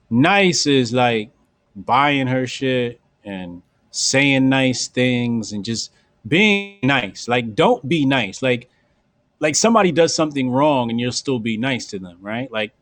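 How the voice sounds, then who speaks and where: A man hosting a casual podcast, talking bluntly in slang and acting out quick bits of dialogue. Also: mid-range voice, fairly bright tone, no echo. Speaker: podcast host.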